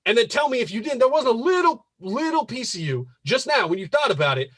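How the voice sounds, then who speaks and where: A husky man with a dry, close sound, hosting a live advice show. His voice sits high and swings widely as he swears and works himself into disbelief. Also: quick pace, no echo. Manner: animated, swearing, rising to incredulous outbursts. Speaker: podcast host. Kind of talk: casual live show commentary.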